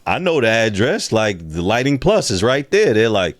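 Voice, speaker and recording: A man telling a profane, animated story in casual conversation, acting out the other voices in it. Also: mid-range voice, moderate pace, no echo. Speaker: guest.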